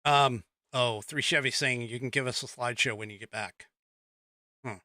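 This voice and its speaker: A man with a medium-pitched, sharp-toned voice hosts a political podcast, rambling through the news in casual live-stream talk. He reads the chat aloud and chuckles often, speaking at normal speed with no echo.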